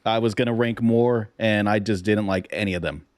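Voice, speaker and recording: A man's voice: fairly low pitch, fairly even intonation, normal speed, darkish tone, no room sound, clean studio sound. A man co-hosting a casual music podcast, giving blunt opinions with hesitant restarts. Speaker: podcast co-host. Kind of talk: casual chat.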